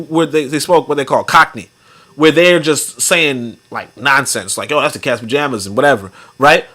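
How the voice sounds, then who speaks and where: Bright-voiced man in rambling commentary. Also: a little high. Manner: rambling, profane, heavy on fillers. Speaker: podcast host. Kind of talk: casual commentary.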